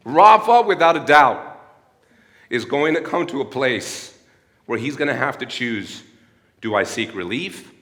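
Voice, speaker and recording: A man's voice: mid-range voice, lively intonation, measured pace, pauses often, fairly bright tone, long reverb tail. A man in his thirties giving an earnest sermon-like talk at a church. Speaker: speaker at a church. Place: church hall.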